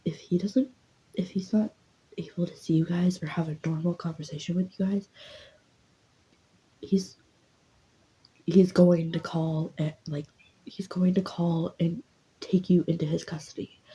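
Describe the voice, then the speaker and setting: A frightened mother who stammers and hesitates, as a woman voices her. Her hushed lines are very breathy and mellow in this whispered role-play, a little higher when she brushes things off. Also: steady tone, unhurried, pauses often, low-quality recording. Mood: scared.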